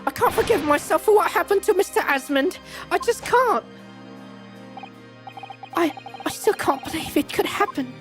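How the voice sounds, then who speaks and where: A woman's voice: very high voice, animated, normal speed, pauses often, faint music behind, voice pushed up. A woman voicing a remorseful prisoner in a game, speaking earnestly and with a shaken manner. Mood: anxious. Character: anxious remorseful prisoner greeting an old friend.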